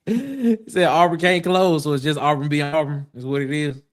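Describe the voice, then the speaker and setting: A man's voice: a little high, moderate pace. A man co-hosting a casual sports talk show, laid-back and joking in slangy speech.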